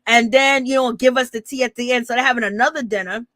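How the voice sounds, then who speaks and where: Sassy woman with a high voice, dry close mic. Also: fairly even intonation, fast talker, fairly bright tone, dry recording. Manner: sassy, gossipy, laughing, slangy asides to viewers. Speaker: reality TV recap host. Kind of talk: casual commentary on a reality show.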